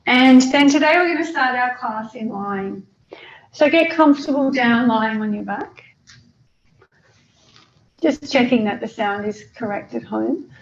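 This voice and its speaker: A woman with an Australian accent leading a yoga class, guiding breathing in a calm, slow way with long pauses. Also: a little high, reverberant, muffled recording, slight background noise. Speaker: yoga teacher. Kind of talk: guided yoga class instruction.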